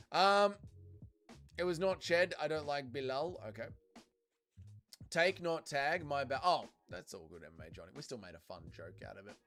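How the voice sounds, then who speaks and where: Casual male streamer, a bit high-pitched. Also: lively intonation, moderate pace, fairly bright tone, faint music behind. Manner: reads viewer comments aloud and answers them, loose and profane. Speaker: livestream host reading chat. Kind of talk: casual livestream chat.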